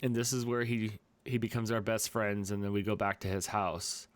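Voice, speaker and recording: A man co-hosting a podcast in casual live-stream chat, rambling and animated, slipping into silly voices for quotes. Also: on the low side, normal speed. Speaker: podcast co-host.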